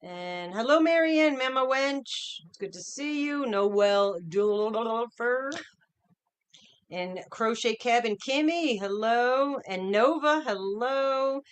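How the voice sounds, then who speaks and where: A woman's voice: a little high, expressive, slow pace, smooth. A middle-aged woman hosting a casual livestream from home, chatting upbeat and greeting viewers by name one after another. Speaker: livestream host.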